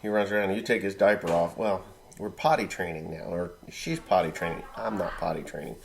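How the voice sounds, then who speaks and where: A man's voice: low-pitched, a little fast, vocal fry. A middle-aged man, a farmer, talking casually and bluntly to the camera with crude jokes. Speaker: farmer vlogger.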